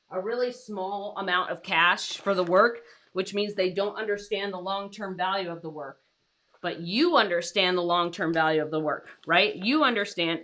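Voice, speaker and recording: A bright, forceful young woman talks freelance writers through negotiating on a livestream. She is chatty and loose, dropping fillers and tagging her points with rhetorical questions. She slips into quick acted-out bits of client dialogue as she goes. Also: medium pitch. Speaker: freelance writing coach. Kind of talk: livestream teaching.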